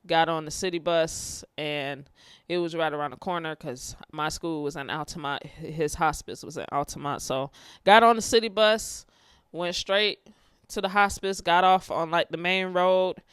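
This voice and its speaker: A woman's voice: deep voice, moderate pace, smooth, no echo, studio quality. A young woman candidly telling a personal story in a casual, emotional way, with many fillers and restarts.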